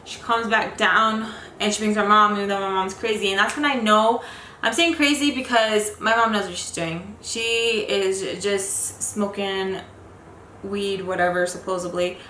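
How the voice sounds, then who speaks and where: A woman's voice: mid-range voice, steady tone, a little slow, sharp tone. A young woman telling a long personal story in a casual vlog, frustrated and rambling, full of fillers. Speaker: vlogger. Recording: echoey room with faint noise.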